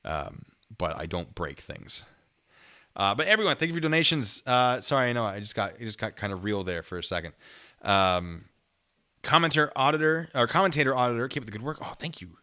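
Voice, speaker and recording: This streamer's voice is medium-pitched, expressive, and sharp, and he talks a little fast. Hosting a relaxed livestream, he reacts to videos, banters with viewers, laughs frequently, and reads out donations.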